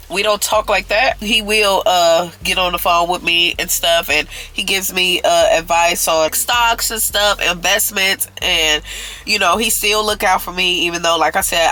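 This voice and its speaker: A woman's voice: mid-range voice, pushed and bright, rough recording. Earnest woman telling a confessional story. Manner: earnest, repeats herself, keeps addressing viewers as y'all. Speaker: storytime vlogger.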